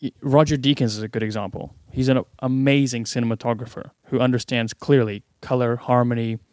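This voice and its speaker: A blunt, joking man of middle pitch chats on a podcast. His voice sits close and dry on the mic. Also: fairly even intonation, fairly quick, a little mellow, no room sound. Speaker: podcast co-host. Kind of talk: casual chat.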